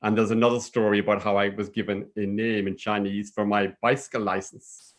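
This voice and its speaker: A man's voice: lowish voice, flat delivery, fairly quick. Lilting Cork Irish man telling a story. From Ireland. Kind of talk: told personal story.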